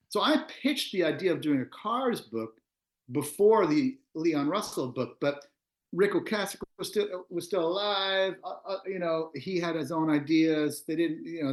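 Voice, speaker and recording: A man in his fifties from Long Island, a musician and author, telling stories as a guest in a casual interview and laughing often. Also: a little high. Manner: animated storyteller, laughs often. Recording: roomy echo.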